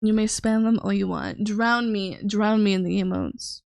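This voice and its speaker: A young woman with a gravelly, vocal-fry edge to her mid-pitched voice. She teases and swears her way through a relaxed live-stream chat. The sound is close and dry, with no room around it. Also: normal speed, no room sound. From Canada. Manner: teasing, swears freely, chats with viewers while drawing.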